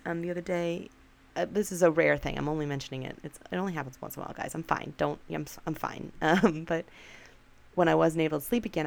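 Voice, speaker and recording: A woman's voice: low-pitched, gravelly. A young adult woman hosting a podcast alone, chatting casually and poking fun at herself, with many "like"s and "um"s. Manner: chatty, self-deprecating, many fillers like "like" and "um". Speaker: podcast host. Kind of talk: casual solo podcast chat.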